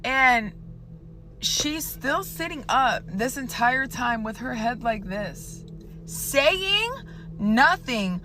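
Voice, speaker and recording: A woman's voice: fairly high pitch, lively intonation, extremely slow, music in the background. A woman in her twenties telling a storytime vlog in a chatty, profane way, talking straight to the viewer.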